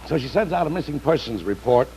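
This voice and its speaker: Animated gravelly comedian telling jokes. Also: male voice, medium pitch, fast talker, rough recording. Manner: animated storyteller, doing voices in jokes. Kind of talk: joke telling on a panel show. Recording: faint background noise, 1960s TV.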